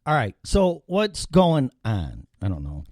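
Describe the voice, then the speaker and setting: A man's voice: mid-range voice, wildly swooping pitch, takes it slowly, darkish tone, no room sound. A man hosting a live opinionated talk show from an indoor studio, rambling and swearing freely. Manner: profane, rambling and ranting.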